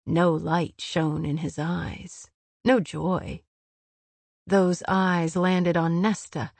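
Woman reading an audiobook, calm and slow, dry close mic. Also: on the low side, no echo. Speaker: audiobook narrator. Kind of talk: scripted narration.

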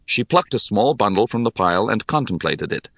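A man reading a story aloud in measured, expressive narration. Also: on the low side, creaky, no echo, studio quality. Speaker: audiobook narrator. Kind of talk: scripted narration.

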